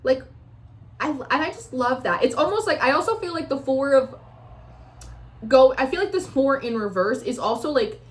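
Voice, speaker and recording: A woman's voice: sits high, normal speed. A woman giving a casual tarot reading, talking loosely with lots of fillers and acting out feelings with animation. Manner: chatty, many "like" fillers, swears freely; acts out the listener's feelings in a raised, animated voice. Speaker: tarot reader.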